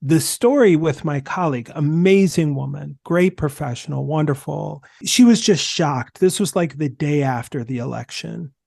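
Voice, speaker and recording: A man speaking as a podcast guest, telling stories in an emphatic, animated way. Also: on the high side, normal speed, creaky, hardly any pauses, no echo, studio quality. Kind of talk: conversational discussion.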